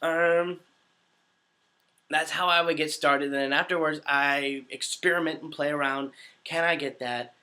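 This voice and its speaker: With a little slow, fairly even delivery, a young voice actor in his twenties rambles through a casual livestream Q&A, giggling and joking at his own expense. His pushed, bright voice sits a little high and sounds a bit under the weather.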